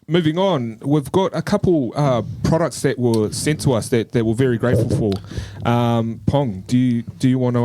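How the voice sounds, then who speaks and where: Mid-voiced man hosting over steady noise. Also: medium pitch. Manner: short interjections, steers to the next segment. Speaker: podcast host. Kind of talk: casual chat. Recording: clear background noise.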